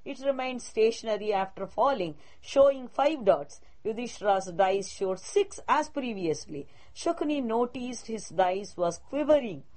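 A woman's voice: fairly high pitch, expressive, measured pace, few pauses, warm tone. A woman narrating a story aloud, reading a prepared text with small slips and restarts and giving the quoted speakers only light changes of voice.

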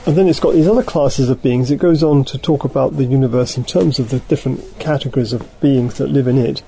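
A man of ordinary pitch leads a study group, reading passages from a text and unpacking them. He talks in a halting, thoughtful way and often stops to correct himself. A faint hiss sits under his voice. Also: creaky, mellow, poor audio. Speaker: teacher leading a study group. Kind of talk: reading a text aloud and explaining it.

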